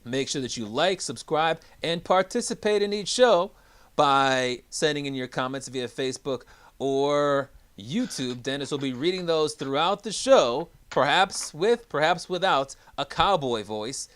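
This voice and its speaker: A man's voice: fairly high pitch, animated, unhurried, a bit bright. A man co-hosting a sports talk podcast, with upbeat, hype announcer energy in casual chat. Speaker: podcast co-host.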